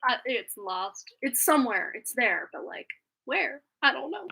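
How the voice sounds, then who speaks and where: A woman's voice: high voice, sing-song, a little slow, gravelly, sharp tone, breathy edge. A woman reading tarot on a live stream, chatting casually in a rambling way with frequent laughs, a little phlegmy after being sick.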